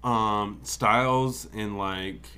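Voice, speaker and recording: A man's voice: lowish voice, steady tone, very slow, bright, forceful tone, clear, resonant tone. A young man from Kansas co-hosting a podcast, chatting casually with loose jokes, swearing and rambling tangents. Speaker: podcast co-host. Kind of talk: casual chat.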